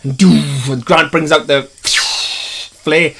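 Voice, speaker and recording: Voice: mid-range voice, steady tone, takes it slowly, a bit bright, a little hiss or hum. A YouTuber casually narrating a film script read-through in a chatty way.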